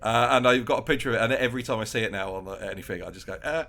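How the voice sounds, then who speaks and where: A man's voice: medium pitch, rapid-fire, pushed and bright. A man co-hosting a podcast, chatting casually and animatedly, with many restarts, acting out little quotes. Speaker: podcast co-host. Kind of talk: casual chat.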